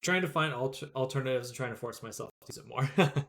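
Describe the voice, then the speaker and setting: A man's voice: medium pitch, fast talker, gravelly, fairly bright tone. Chatty male streamer, rambling. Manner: rambling, chatty, lots of fillers; answers chat comments. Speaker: live streamer. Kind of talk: casual live-stream chat while drawing.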